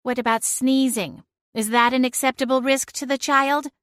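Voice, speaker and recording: A woman's voice: high-pitched, steady tone, normal speed, a bit bright, no room sound. Woman voicing a sarcastic talking cat. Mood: sardonic. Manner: dry, bossy quips. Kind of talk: audiobook character voice.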